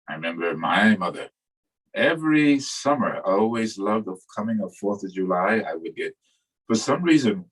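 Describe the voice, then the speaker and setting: Husky older man giving a dharma talk. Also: low-pitched, poor audio. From New York. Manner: reflective, storytelling, gentle humor. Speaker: Buddhist teacher.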